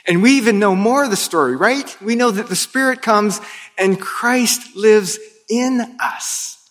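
A man preaching an Easter sermon as pastor of a church, telling the story slowly and dramatically with hushed pauses. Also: sits high, expressive. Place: church sanctuary. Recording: long reverb of a large hall.

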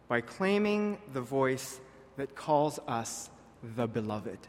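Give me an earnest man preaching, in a reverberant hall. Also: on the high side. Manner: earnest, talks directly to the congregation, drops soft on key words. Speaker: pastor. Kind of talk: sermon. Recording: long reverb of a large hall.

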